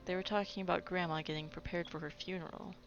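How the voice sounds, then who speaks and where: A woman's voice: fairly low pitch, steady tone, fast talker. A woman playing a video game who reads its text aloud and breaks off into playful, chatty asides. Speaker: let's play gamer. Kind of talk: reading game text aloud with casual commentary. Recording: dull recording with game music.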